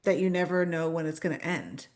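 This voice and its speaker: Lowish woman host, candid casual chat, lots of likes and ums. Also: brisk, darkish tone. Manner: candid, hesitant, many fillers. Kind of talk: casual podcast conversation.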